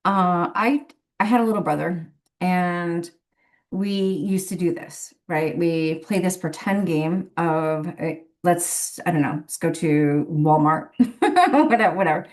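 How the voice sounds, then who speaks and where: Chatty low-voiced woman medium. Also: slow pace. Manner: rambling, chatty, laughs often between phrases. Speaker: professional medium. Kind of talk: casual anecdotal storytelling.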